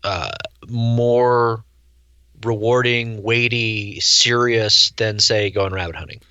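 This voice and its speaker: A middle-aged man with a low, bright-edged voice, telling stories in a dry, wry way. His sound is dull and slightly lo-fi, and the recording is dry with no room. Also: fairly even intonation, takes it slowly, smooth, no echo. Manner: dry, wry storyteller who acts out voices. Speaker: guest chef and hunter. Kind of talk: casual interview chat.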